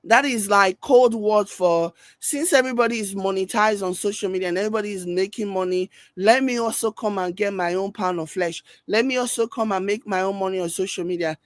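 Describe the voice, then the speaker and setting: A woman's voice: medium pitch, a little fast, hardly any pauses, no echo. A woman with a Nigerian accent hosting a reaction video, commenting in an emphatic, scolding way with pidgin asides.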